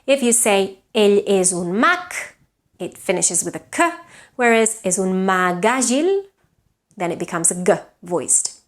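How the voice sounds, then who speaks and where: A woman with a Catalan accent, a native Catalan speaker, giving an online English pronunciation lesson, slowing down to model words and often checking in with her learners. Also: medium pitch, very animated. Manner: clear, deliberate teaching, slows down to model words, frequent check-ins like "yes?".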